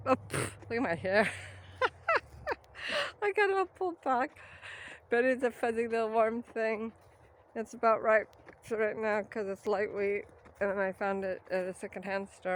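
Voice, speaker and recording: A woman out of breath, walking along a grassy riverbank and talking into a phone at arm's length in a rambling, laughing vlog. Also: medium pitch. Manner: rambling, laughs often, swears casually. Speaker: vlogger. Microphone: phone held at arm's length.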